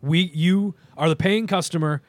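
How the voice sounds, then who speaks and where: A young man co-hosting a podcast, talking in an animated, opinionated, rambling way with plenty of fillers. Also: on the high side, moderate pace, no room sound. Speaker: podcast co-host. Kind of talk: casual podcast chat.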